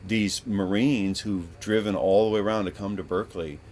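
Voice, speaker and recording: Low-voiced man telling a profane story. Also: moderate pace, few pauses, a little hiss or hum. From Northern California. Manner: profane, rambling, animated. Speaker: podcast host. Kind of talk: casual storytelling monologue.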